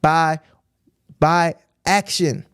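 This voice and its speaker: A man's voice: on the high side, fairly even intonation, extremely slow, fairly bright tone, clear, resonant tone, dry recording, studio quality. A man preaching informally on a livestream, emphatic and repetitive, often checking in with "right?". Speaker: streamer teaching scripture.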